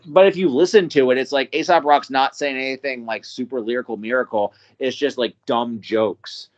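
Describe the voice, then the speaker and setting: A man hosts a relaxed music podcast, mid-pitched and rambling, piling up enthusiastic asides and casual swearing. His voice comes through slightly dull, lo-fi podcast audio. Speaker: podcast host.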